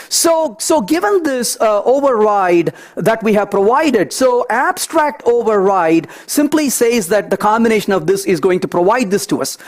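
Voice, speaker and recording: A man giving a technical conference talk, walking through live code and telling lively anecdotes as he thinks aloud. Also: high voice. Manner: animated, storytelling asides, thinks aloud. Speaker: conference speaker.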